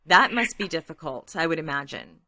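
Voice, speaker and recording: A woman's voice: sits low, expressive, moderate pace, pushed and bright. A woman hosting an interview, asking questions in a friendly, giggly way. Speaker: interviewer, host. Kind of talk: casual interview chat.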